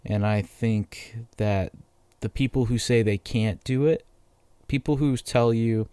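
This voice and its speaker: A man's voice: medium pitch, takes it slowly, warm tone, clean tone, no room sound. A man, hosting a casual solo podcast in a profane, rambling, self-deprecating way. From Massachusetts. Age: 20s. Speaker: podcast host.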